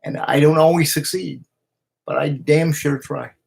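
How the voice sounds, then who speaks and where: A man records a heartfelt video message straight into a camera, his voice gravelly and a little husky. He talks in an emotional, halting way, stopping and restarting as he goes. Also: fairly high pitch, steady tone, a little mellow. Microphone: camera he speaks into.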